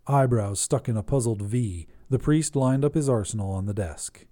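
A man hosting a flash fiction podcast, reading the story in even, measured narration. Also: fairly low pitch.

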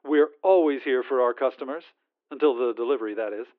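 A man with a medium-pitched voice talks fast as a relentlessly cheerful corporate phone agent. Heard through a tinny phone-line filter, he's sweetly insistent, dripping with sugary customer-service politeness.

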